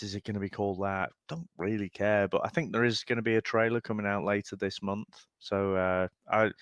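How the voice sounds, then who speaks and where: A man co-hosting a podcast, chatting casually with a lively manner and easy laughs. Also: on the low side, no room sound, clean studio sound. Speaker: podcast co-host.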